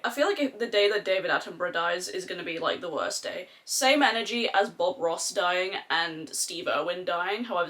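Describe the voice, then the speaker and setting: A woman's voice: medium pitch, fairly bright tone. A young woman with an accent mixing Australian and English, chatting casually and swearing freely while doing her makeup on camera. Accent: mix of Australian and English. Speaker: beauty vlogger. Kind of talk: casual makeup tutorial chat.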